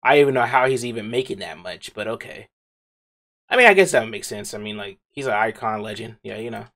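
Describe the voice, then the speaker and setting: A man's voice: fairly low pitch, fast talker, pushed and bright. A young man hosting a reaction video, talking in a hyped, rambling, slangy way. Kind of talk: casual reaction commentary.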